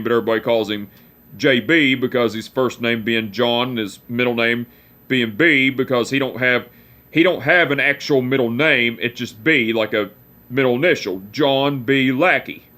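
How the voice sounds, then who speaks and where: A man's voice: medium pitch, normal speed, sharp tone. A man, telling family stories to camera in a rambling, profane way with many restarts. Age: 20s. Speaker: vlogger. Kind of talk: casual storytelling to camera.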